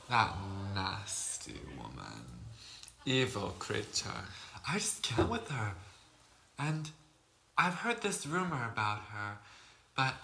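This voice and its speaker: A gossipy blue alien sister, played by a drag performer, swooping up and down in slow, sing-song lines. The voice rings bright and clear over a faint hiss. It is a campy comedy sketch full of catty banter. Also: medium pitch.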